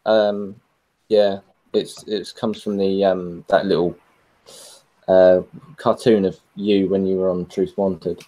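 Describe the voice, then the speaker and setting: Man on a video call, low voice, hesitant and halting. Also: little pitch movement, mellow, poor audio. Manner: hesitant, many ums. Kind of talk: casual group chat.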